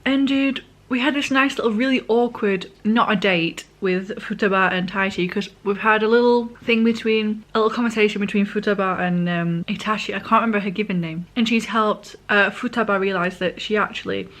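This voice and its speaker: A woman talks through a manga story in a loose, rambling vlog chat. She corrects herself as she goes and eats while talking. Her pitch sits in the middle of the usual range. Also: steady tone, a little fast, few pauses, a bit bright. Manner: rambling, chatty, self-correcting. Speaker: vlogger. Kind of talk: casual manga reading recap.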